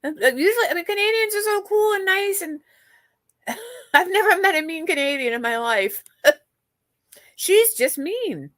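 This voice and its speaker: A woman's voice: very high-pitched, animated, unhurried, long pauses, a bit bright, dry recording. A woman hosting a livestream, chatting casually and gossiping with viewers, swearing freely and often restarting her sentences. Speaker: livestream host. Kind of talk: casual chat with live viewers.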